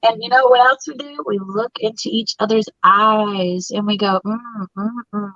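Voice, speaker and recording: A woman's voice: medium pitch, steady tone, normal speed, sharp tone, no room sound, muffled recording, close to an everyday voice. A woman playing a boastful, boozy male show-off with a cigar and wine in a live comedy parody, crude and rambling. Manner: brash, rambling, crude, loses her train of thought.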